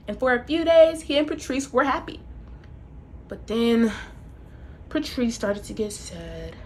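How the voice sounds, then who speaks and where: A woman storyteller narrating a folk tale for a live audience. Her pitch is on the higher side and swings widely. She tells it in an animated way with playful asides. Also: moderate pace.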